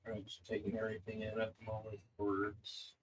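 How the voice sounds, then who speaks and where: A man's voice: fairly low pitch, completely flat delivery, moderate pace, slight background noise. A man playing in a tabletop game who makes terse, dry remarks. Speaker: player.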